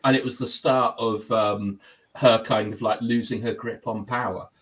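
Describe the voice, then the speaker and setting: A man's voice: lowish voice, normal speed, low-quality recording. A man hosting a live football chat show, reading out viewer comments in a chatty, laughing way. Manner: lively, chatty, laughs often. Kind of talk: casual live-stream chat.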